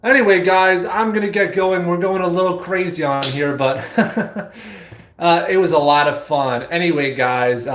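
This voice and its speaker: A man's voice: on the high side, unhurried, fairly bright tone, a little hiss or hum. A man chatting on a spiritual live stream, playful and giddy, breaking into whoops and laughter. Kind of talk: casual live stream chat. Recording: echoey room.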